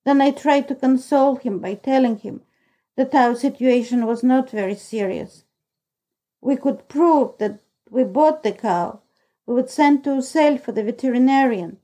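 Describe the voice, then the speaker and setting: A woman narrating a novel in the first person, reading in a steady, even storytelling way. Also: high-pitched, normal speed, rough recording. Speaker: audiobook narrator.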